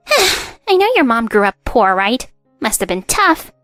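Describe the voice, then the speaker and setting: A woman's voice: fairly high pitch, sing-song, slow, fairly bright tone, no room sound, faint music behind, heavily acted. A woman voicing a haughty, mocking young daughter-in-law in a narrated drama story, with a sneering, dismissive way of talking.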